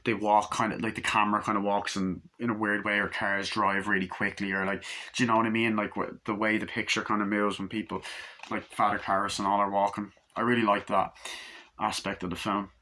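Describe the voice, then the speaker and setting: A man's voice: on the low side, flat delivery, fairly quick, sharp tone. A young man casually reviewing a film, rambling with lots of fillers and offhand swearing.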